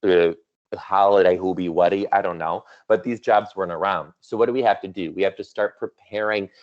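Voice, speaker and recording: Man, thirties, keynote speaker, chatty, teasing, low-pitched, muffled video-call audio. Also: brisk. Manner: playful, chatty, teasing asides. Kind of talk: virtual conference keynote.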